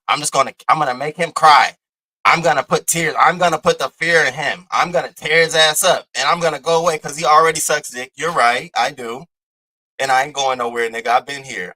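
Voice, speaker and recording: Young guy on a livestream, loud trash talk, bright forceful voice, kinda high. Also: low-quality recording. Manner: brash, taunting, profane trash talk. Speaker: live-stream host. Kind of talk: heated livestream rant.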